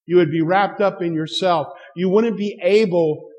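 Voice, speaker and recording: Preaching at a moderate pace, a middle-aged pastor with a high, steady, slightly mellow voice tells stories and acts out conversations with chuckles. The highs are cut off, and long hall reverb trails his voice.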